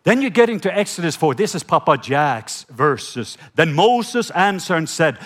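A man from Norway preaching a sermon in his second language, animated and acting out the voices in his retelling, with stammers. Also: a little high, normal speed, hardly any pauses. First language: Norwegian.

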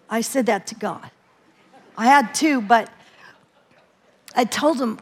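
A woman preacher telling her testimony in a sermon, animated and laughing often as she tells it. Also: fairly high pitch, takes it slowly, pauses often.

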